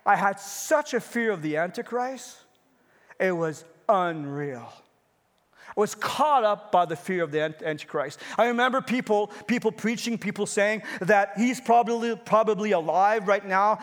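A man's voice: high-pitched, a bit bright. A pastor in his fifties preaching a sermon in a church, speaking in an earnest, personal way and repeating phrases for emphasis. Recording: long hall reverb.

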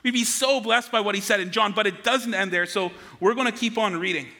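In a church sanctuary full of long reverb, a pastor delivers an earnest, conversational sermon, frequently repeating words. His voice is high-pitched, brisk, pushed, and bright.

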